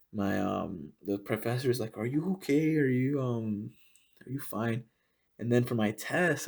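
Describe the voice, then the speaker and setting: A young man talks in a casual podcast ramble with a low, gravelly voice. He swears constantly, piles on fillers and restarts, and often sinks into a half-muttered undertone. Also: dark tone. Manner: rambling and heavily profane, with many fillers. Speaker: podcast host.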